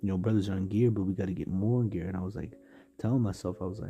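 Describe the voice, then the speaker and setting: A man from San Diego talks through a scripture devotional in a loose, rambling way, full of fillers and street slang. His voice sits low and dark. Faint music plays underneath. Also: fairly even intonation, fast, lo-fi sound. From San Diego, California. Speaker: livestream preacher. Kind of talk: casual spoken devotional.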